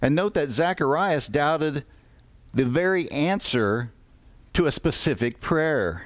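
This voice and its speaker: A man preaching a sermon, reading scripture slowly and deliberately with pauses. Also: fairly high pitch, expressive, dry recording.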